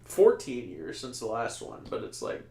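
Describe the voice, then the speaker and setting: A man co-hosting a casual podcast, reviewing a movie in a rambling, animated way and laughing often. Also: mid-range voice, moderate pace, reverberant. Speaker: podcast co-host.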